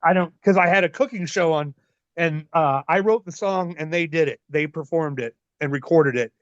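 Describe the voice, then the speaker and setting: A man in his forties, a wrestler being interviewed, telling stories in a casual, profane, animated way. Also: a little high, moderate pace, no room sound. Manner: profane, animated, laughs often. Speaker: wrestler guest. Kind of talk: casual storytelling. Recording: dull lo-fi dry sound.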